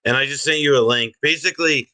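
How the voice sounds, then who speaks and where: A man's voice: medium pitch, quick pace, sharp tone. A male guest in a casual reaction stream, talking in a hesitant, filler-heavy and sardonic way over a distant video-call mic. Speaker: guest commentator.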